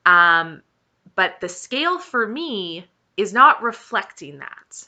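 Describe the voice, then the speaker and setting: A woman's voice: medium pitch, big pitch swings, slow, sharp tone. A woman who talks earnestly and encouragingly about her own weight-loss journey, stressing points by repeating them and sounding close to tears. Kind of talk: heartfelt personal talk to camera.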